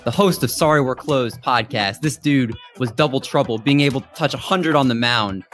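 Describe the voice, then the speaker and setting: A man's voice: mid-range voice, normal speed, fairly bright tone, faint music behind. Upbeat man hosting a sports podcast. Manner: upbeat, reads stats and asks questions. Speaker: podcast host. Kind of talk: casual sports interview.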